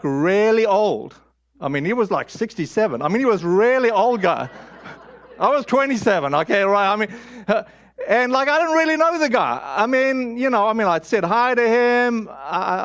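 A man preaching a storytelling sermon, halting and candid, with frequent fillers and restarts. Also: sits high, expressive, fairly bright tone, muffled recording. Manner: candid, self-deprecating.

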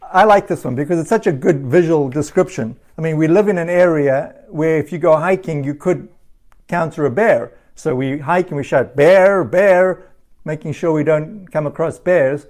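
A man preaching a relaxed sermon, telling stories and laughing at times. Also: a little high, normal speed. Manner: casual storytelling with laughs.

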